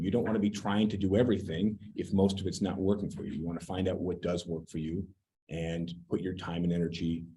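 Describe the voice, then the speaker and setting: A man's voice: on the low side, a little mellow, poor audio. A man giving a casual real estate training talk, blunt and sometimes swearing as he picks apart advice. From United States.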